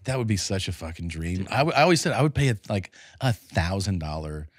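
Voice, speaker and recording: Low-voiced man telling a story. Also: sing-song, brisk, slightly rough, dry recording, clean studio sound. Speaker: podcast co-host. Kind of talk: casual chat.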